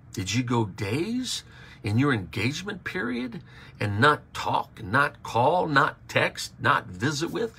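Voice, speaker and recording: A man's voice: mid-range voice, gravelly, bright, forceful tone, husky. A man preaching a livestreamed sermon as pastor, repeating his key phrases and calling on listeners to respond.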